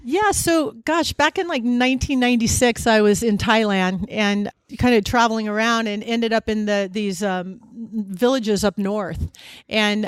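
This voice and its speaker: A woman guest on a live podcast interview, telling stories in an animated, chatty way. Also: mid-range voice, clean tone, no echo. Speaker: guest, travel company co-founder. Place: live event with an audience.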